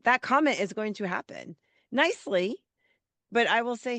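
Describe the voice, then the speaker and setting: A woman hosting a podcast who tells stories in a chatty, animated way while getting over a head cold. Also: fairly high pitch, moderate pace, dry recording. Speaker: podcast host. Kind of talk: podcast conversation.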